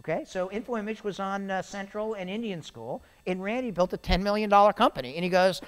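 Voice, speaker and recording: Middle-aged man, guest speaker, rambling animated storyteller, slightly high and smooth voice. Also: brisk, hardly any pauses. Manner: animated, rambling storyteller who keeps adding "right?". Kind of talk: storytelling interview on stage. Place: event venue with a live audience.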